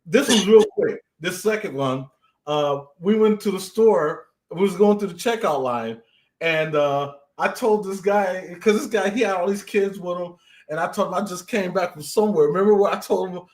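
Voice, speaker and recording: A man's voice: high voice, normal speed, reverberant. A man co-hosting a casual live-stream chat, telling prank stories and laughing often. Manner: joking storyteller who laughs often. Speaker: co-host.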